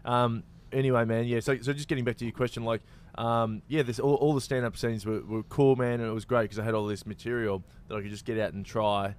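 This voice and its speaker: A man's voice: medium pitch, steady tone, quick pace, few pauses, clear, resonant tone. A man with an Australian accent, a comedian and actor, talking in a loose, rambling way full of fillers and restarts. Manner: laid-back, rambling with many fillers and restarts. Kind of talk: casual chat.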